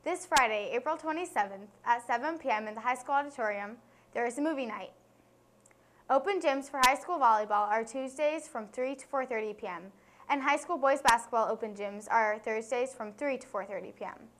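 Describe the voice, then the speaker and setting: A woman's voice: a little high, brisk. A teenage girl anchoring a school news show, reading announcements steadily. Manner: steady read-aloud delivery.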